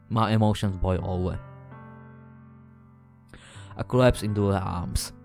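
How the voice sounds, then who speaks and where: Casting: man narrator, lowish voice, earnest and measured, faint music underneath. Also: a little mellow. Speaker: storyteller. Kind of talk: first-person story narration.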